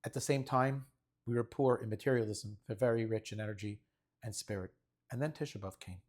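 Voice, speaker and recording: A man's voice: fairly low pitch, fairly quick, darkish tone. A man, a rabbi giving an earnest storytelling sermon. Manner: earnest storyteller who acts out voices of children.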